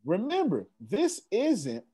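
Excitable man pitching on a call, husky. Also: slow. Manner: excitable, repeats phrases, casual slang. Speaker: presenter of an online business meeting. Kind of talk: animated motivational pitch.

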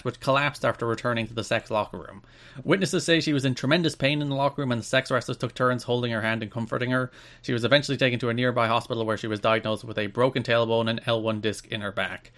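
A man's voice: medium pitch, fairly bright tone. A man co-hosting a casual podcast, reading out news items and riffing on them with dry humour. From Ireland. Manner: dry, reads news items then riffs. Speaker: podcast co-host.

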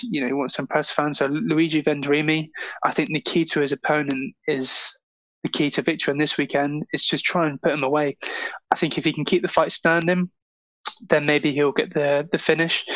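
A man from England breaking down an upcoming fight in a measured, casual way, with many "you know"s. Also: a little high, a bit bright, no echo, muffled recording. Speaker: podcast co-host, fight analyst. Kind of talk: casual betting analysis.

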